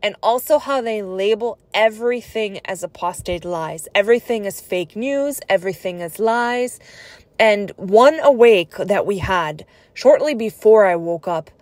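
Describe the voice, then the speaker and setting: A woman's voice: medium pitch, animated, a little slow, a little mellow, no echo. Earnest woman telling her story. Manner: earnest, conversational and reflective. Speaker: vlogger sharing her own story. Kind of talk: personal storytelling vlog.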